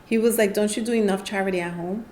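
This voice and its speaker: A woman guest talks through her story in a relaxed podcast chat, acting out the people she quotes as she goes. Her voice sits in a middle pitch. A faint hiss of noise runs underneath. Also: fast. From New York City. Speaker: podcast guest, nonprofit founder. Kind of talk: casual interview storytelling.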